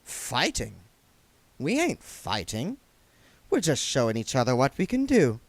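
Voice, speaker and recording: A man's voice: medium pitch, huge pitch swings, a little slow, no echo, pitched above the performer's own voice, exaggerated voice. A man doing a stern old witch woman, dry. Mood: firm. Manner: firm, dry, plain-spoken rural speech. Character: stern old female witch, quietly formidable.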